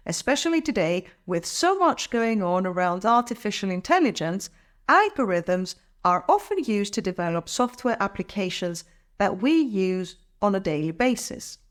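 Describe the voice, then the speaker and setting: A woman teaching English pronunciation, breaking words into syllables and saying them slowly and carefully for learners to repeat. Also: mid-range voice, very animated. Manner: careful, drawn-out syllables for practice. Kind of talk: slow, clear pronunciation lesson.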